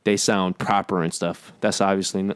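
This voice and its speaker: A man's voice: low-pitched, little pitch movement, normal speed, smooth, dry recording. A young man from New York co-hosting a podcast, earnestly explaining his opinions in casual chat. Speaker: podcast co-host.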